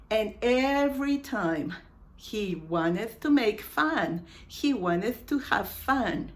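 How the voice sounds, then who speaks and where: A woman teaching an English lesson, repeating example phrases slowly for emphasis. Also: fairly high pitch, expressive.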